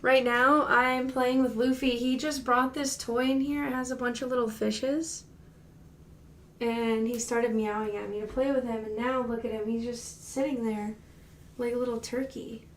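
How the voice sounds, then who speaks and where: High-pitched woman coaxing her cats. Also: steady tone, normal speed, a bit bright, slight background noise. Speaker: livestream host. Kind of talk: casual chat playing with her cats. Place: indoor room at home. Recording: echoey room, mic far off.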